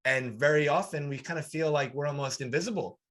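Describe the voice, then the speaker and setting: A man hosting a podcast interview. He sounds earnest and encouraging, and his voice is a little high for a man. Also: a little fast, fairly bright tone. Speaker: podcast host. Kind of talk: interview questions and reflection.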